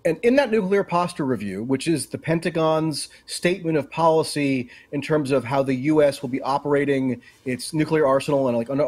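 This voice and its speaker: A man's voice: on the high side, darkish tone, breathy edge. A man, a guest journalist in a political interview, explaining at length in an analytical way, with many fillers.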